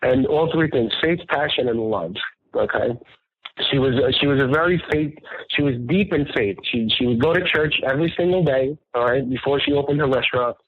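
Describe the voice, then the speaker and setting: A man's voice: mid-range voice, brisk, slightly rough. A man, a restaurant owner telling family stories earnestly and with animation as a radio interview guest. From New York, the Bronx. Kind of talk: casual interview storytelling. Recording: tinny phone-line radio call, dry.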